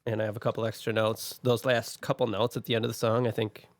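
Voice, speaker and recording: A man's voice: lowish voice, level tone, quick pace, no room sound. A man co-hosting a podcast, giving careful, critical feedback on a song in casual chat, often restarting his sentences. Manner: thoughtful, critical, hesitant restarts.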